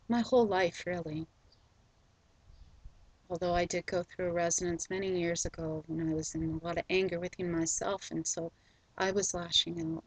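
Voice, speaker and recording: A middle-aged woman hosting a spiritual video, telling a personal story in a soft, slow, gentle way with frequent ums. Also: fairly low pitch, poor audio.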